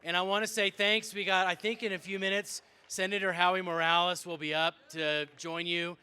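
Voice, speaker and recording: A man's voice: sits high, flat delivery, fairly quick, pushed and bright, smooth. A man, a state legislator, giving an earnest, rousing speech to a rally crowd. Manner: earnest, rousing public address.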